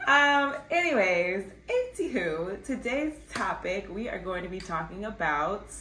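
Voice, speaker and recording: A young woman hosting a casual health-tips vlog. She talks in a chatty, playful way, jokes at herself and fills her pauses with "um". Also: medium pitch, animated, pushed and bright, echoey room. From not from Texas. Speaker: wellness channel host.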